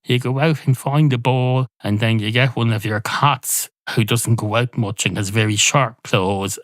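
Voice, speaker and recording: A man hosting a podcast, spinning a rambling, sweary comic monologue and switching into quick voices for the characters. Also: on the low side, dry recording. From Ireland. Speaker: podcast host.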